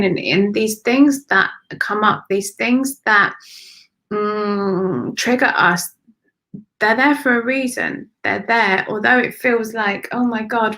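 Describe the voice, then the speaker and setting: A woman doing live spiritual readings for viewers, speaking softly and affectionately, with sighs and drifts into whispers. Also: mid-range voice, poor audio. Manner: emotional, breathy sighs and gushing warmth. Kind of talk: live-streamed channelled readings.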